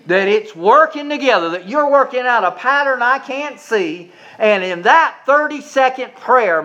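A man preaching a sermon, swinging from loud, emphatic calls to soft, hushed prayer. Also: high voice, lo-fi sound. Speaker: pastor.

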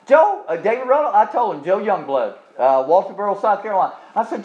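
A high-voiced folksy preacher in his 60s. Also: very animated, a little mellow, highs cut off. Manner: folksy, joking preaching with emphatic slowed repetitions. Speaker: pastor. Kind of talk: sermon.

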